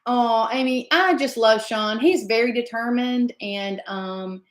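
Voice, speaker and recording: A woman in her fifties hosts a casual live stream, chatting effusively and greeting viewers by name. Her voice sits on the high side and moves a little slowly, with a roomy sound.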